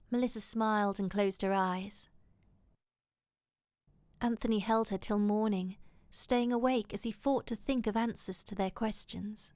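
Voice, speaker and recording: A woman reading a romance novel aloud in a soft, intimate, often whispered way. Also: medium pitch, no echo. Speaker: audiobook reader.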